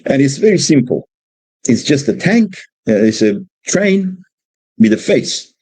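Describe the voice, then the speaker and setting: A man from Australia, a father, speaking informally about raising children, halting and repeating words as he tells stories about his young son. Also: medium pitch, sing-song, a little mellow, husky, no echo, low-quality recording. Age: adult parent of a two-year-old. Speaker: speaker giving a religious exposition on parenting. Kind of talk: informal talk with personal stories.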